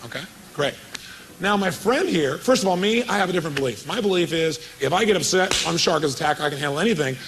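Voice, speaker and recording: A man's voice: a little high, a little hiss or hum, rough recording. A man giving a motivational seminar talk, telling a story with quoted dialogue and questions to the audience. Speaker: motivational speaker.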